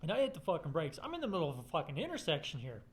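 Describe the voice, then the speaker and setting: A man's voice: fairly high pitch, wildly swooping pitch, racing. Swearing, rambling man. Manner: profane, rambling, swears constantly. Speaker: storyteller. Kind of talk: casual personal storytelling.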